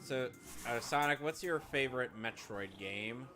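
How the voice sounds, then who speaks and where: A man co-hosting a podcast while playing a game, jokey and quick with movie quotes. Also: mid-range voice, over music. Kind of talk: casual chat while gaming.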